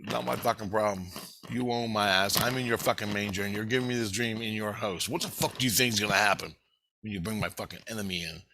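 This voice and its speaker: A man's voice: fairly low pitch, quick pace, bright, forceful tone, poor audio. A middle-aged man telling a rambling, profane, agitated monologue to camera. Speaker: vlogger.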